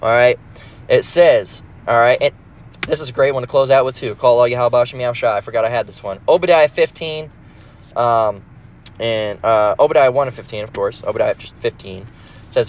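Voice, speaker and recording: A man speaking fairly quickly in a mid-range voice preaches from his car as a religious teacher. Casual, emphatic, and profane, he reads scripture and wanders off, starting over repeatedly.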